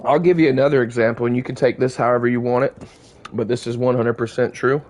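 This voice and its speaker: A man streaming a game, chatting and telling a long personal story to his live chat in a relaxed, profane, conversational way. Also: mid-range voice, fast.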